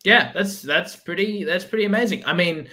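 A man's voice: high voice, moderate pace, a crowd in the background. A man co-hosting a podcast, chiming in with teasing comments. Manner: laughing, teasing interjections. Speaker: podcast co-host. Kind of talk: casual chat.

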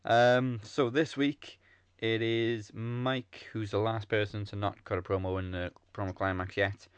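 Deep smooth male host. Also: unhurried, no room sound. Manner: calm, matter-of-fact announcing. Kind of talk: casual wrestling chat.

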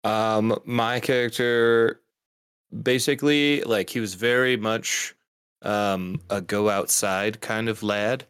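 A man playing in a tabletop game, describing his character in a relaxed, casual way. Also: fairly low pitch, takes it slowly, clear, resonant tone, dry recording, clean studio sound. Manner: relaxed, casual, a little crude. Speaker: player.

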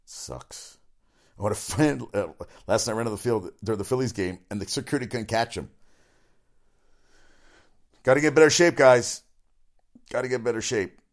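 A man hosting a casual solo sports talk show, rambling quickly from item to item with lots of fillers and swearing. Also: on the low side. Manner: rapid, rambling, profane, with many fillers.

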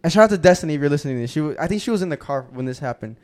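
A young man hosting a podcast, telling a profane, animated story and acting out the quotes in casual chat. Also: on the high side, racing. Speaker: podcast host.

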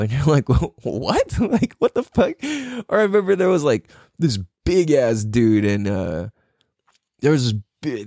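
A man tells loose, profane anecdotes and breaks into laughter as he goes. His pitch swings widely when he acts out what other people said. The sound is dry and close. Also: a little mellow, no echo. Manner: mimics voices in quotes. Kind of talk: casual storytelling.

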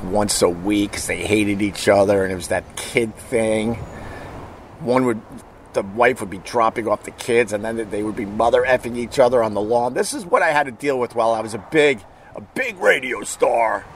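A man's voice: fairly low pitch, slight background noise. A middle-aged man hosting a show, telling a rambling story in a casual, profane way and chuckling as he goes. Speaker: podcast host.

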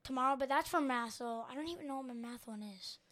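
A woman's voice: sits high, fast talker, a bit bright. A young woman co-host in casual chat, giving short, offhand answers. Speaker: teenage co-host, the host's child.

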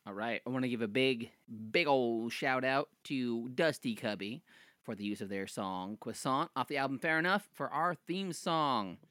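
Bright-voiced joking podcast host. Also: male voice, medium pitch, normal speed, no echo, clean studio sound. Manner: loose, joking, trails off and restarts. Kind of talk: casual chat over drinks.

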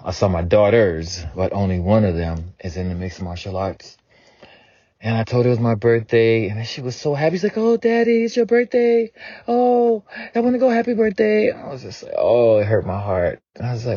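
A man's voice: lowish voice, slightly rough, no echo. A man in his forties giving a conversational, earnest spoken prayer to his ancestors, repeating phrases for emphasis and speaking bluntly. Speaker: spiritual prayer leader. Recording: dull lo-fi recording.

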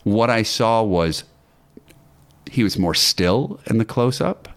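Guest actor, very deep male voice, rambling storyteller with ums and false starts. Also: lively intonation, takes it slowly. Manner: anecdotal, hesitant with ums and restarts. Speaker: guest actor and acting teacher. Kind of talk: casual podcast storytelling.

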